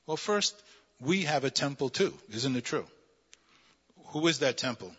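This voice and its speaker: A man's voice: mid-range voice, expressive, unhurried, fairly bright tone, breathy edge, in a large hall, highs cut off. A man preaching a sermon, asking the congregation rhetorical questions and building to fervent, emphatic peaks. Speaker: pastor.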